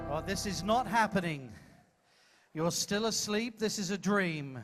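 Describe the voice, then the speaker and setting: A man's voice: high voice, animated, a little slow, over loud music. A man hosting a live comedy show, coaching a volunteer from the audience with playful, teasing patter on a cruise ship stage.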